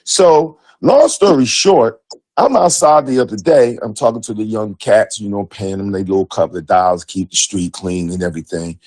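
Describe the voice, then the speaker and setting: A man's voice: on the low side, normal speed, a little mellow, dry recording. A middle-aged man, co-host of a sports talk show, telling a story with profanity and emphatic acted-out dialogue. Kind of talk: animated storytelling.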